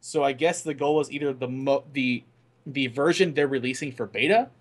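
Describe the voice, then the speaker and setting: A man's voice: medium pitch, normal speed. A young man co-hosting a casual gaming podcast, explaining things steadily and often restarting his words. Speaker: podcast co-host. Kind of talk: casual gaming news chat.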